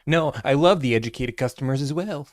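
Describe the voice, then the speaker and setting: Joking, sarcastic livestream host. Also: male voice, mid-range voice, brisk. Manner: animated, sarcastic, teasing chat. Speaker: livestream host, car buying broker. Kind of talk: casual livestream chat reading comments. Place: his office.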